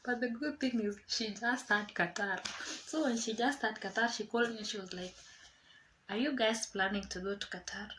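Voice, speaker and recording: A young woman vlogger casually telling a personal story, chatty and animated, acting out quoted dialogue. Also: fairly high pitch, normal speed, slight background noise, rough recording.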